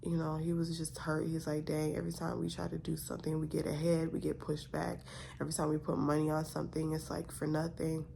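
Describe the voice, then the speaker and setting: A woman's voice: deep voice, completely flat delivery, fairly quick, creaky, dark tone, slight background noise. A young woman vlogger telling a story in a casual, exasperated way, full of rhetorical questions.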